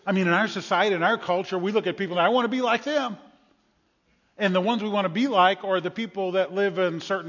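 A male pastor preaching a sermon in an animated storytelling manner with emphatic bursts. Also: high-pitched. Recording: dull lo-fi sound with long hall reverb.

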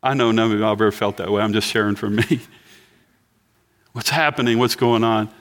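A man's voice: fairly low pitch, steady tone, fairly quick, a bit bright. A man in his sixties preaching a sermon in a church, chatting and joking with the congregation. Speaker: pastor.

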